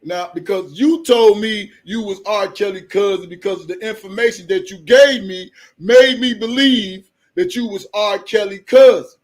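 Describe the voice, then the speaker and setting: A man's voice: high-pitched, moderate pace, hardly any pauses. A man hosting a live stream, talking casually in a loose, joking manner and often breaking into laughter.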